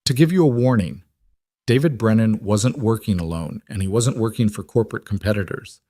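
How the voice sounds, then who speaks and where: A crisp, controlled female colonel who talks in orders, as a male narrator puts her on. The delivery stays cool and clipped, in a fairly low, plain voice. The recording is dry and close. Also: a little fast, dark tone, dry recording, lightly acted. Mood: cool commanding.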